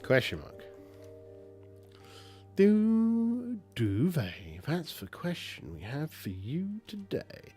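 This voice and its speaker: A man narrating a solo tabletop game, talking in a halting, rambling way with many restarts. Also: fairly high pitch, wildly swooping pitch, warm tone, breathy edge, soft background music.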